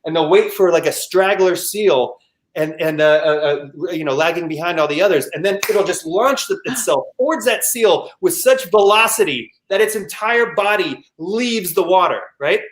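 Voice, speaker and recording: A man telling a personal story at a live storytelling show, animated and full of restarts and vocal sound effects. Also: high-pitched, normal speed. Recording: echoey room.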